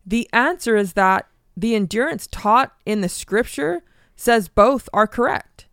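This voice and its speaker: A woman co-hosting a Bible teaching podcast, reading scripture slowly and deliberately. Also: fairly high pitch, animated, fairly bright tone, clear, resonant tone, no echo, clean studio sound.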